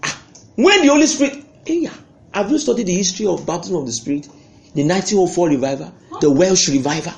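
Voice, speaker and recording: A man preaching a sermon with fervour, swinging between loud outbursts and hushed asides. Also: fairly high pitch, a little hiss or hum. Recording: echoey room.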